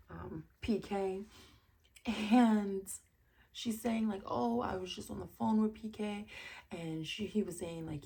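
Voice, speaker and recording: A woman casually recapping a reality TV episode, chatty and quick to laugh, with incredulous asides. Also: on the low side, gravelly, darkish tone, husky.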